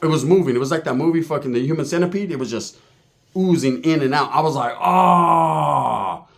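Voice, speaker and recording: A man spinning a long, profane yarn, lively and crude, sliding into voices for the people in his tale. His voice sits a little higher than most men's. He is from California. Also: moderate pace, vocal fry. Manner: animated, crude, acts out other people's voices. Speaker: former prisoner telling a story. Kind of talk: profane storytelling monologue.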